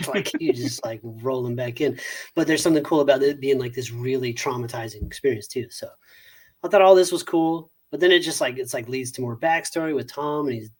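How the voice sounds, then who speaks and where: A man co-hosting a casual movie review podcast, animated and profane, often laughing and acting out scenes. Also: mid-range voice, fairly quick. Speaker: podcast co-host.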